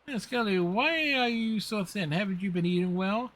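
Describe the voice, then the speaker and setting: A man voicing a tender, doting old grandmother who speaks softly and soothingly in a game reading. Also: high voice, animated, moderate pace, voice pushed up. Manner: soft, soothing.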